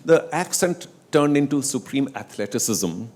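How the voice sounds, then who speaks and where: At a moderate pace and in a mid-range voice, a middle-aged man from India talks casually on stage as a guest speaker about sports leagues. He's an animated storyteller who acts out quotes and chants.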